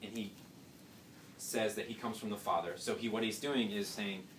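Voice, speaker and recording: A man's voice: lowish voice, steady tone, normal speed, fairly bright tone. A young man teaching a casual Bible lesson, talking conversationally with rhetorical questions and joking asides. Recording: roomy, distant mic, faint background noise.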